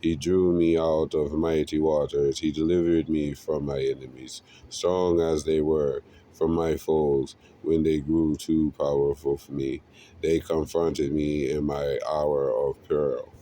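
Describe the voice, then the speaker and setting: A man giving an earnest, emotional devotional Bible reading, pausing as he goes. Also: a bass voice, little pitch movement, warm tone, a little hiss or hum. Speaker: scripture reader.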